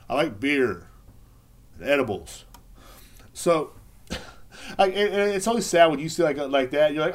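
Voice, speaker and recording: Man, solo podcast host, profane and sarcastic, voice swings high and low. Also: sing-song, moderate pace. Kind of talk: casual solo podcast rant.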